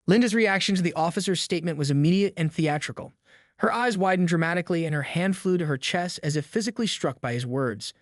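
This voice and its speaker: A man narrating a scripted story in an even, descriptive way. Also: a little high, brisk, dry recording, clean studio sound.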